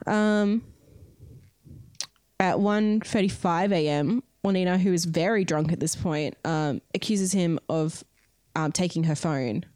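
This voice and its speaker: Chatty woman host, lowish voice. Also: measured pace, a little mellow, no echo, studio quality. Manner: chatty, many fillers, recounting events. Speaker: podcast co-host. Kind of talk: casual true-crime storytelling.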